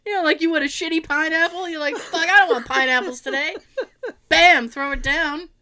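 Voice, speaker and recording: A woman chatting casually, telling an animated, laughing story with plenty of swearing. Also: high voice, moderate pace. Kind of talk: casual chat.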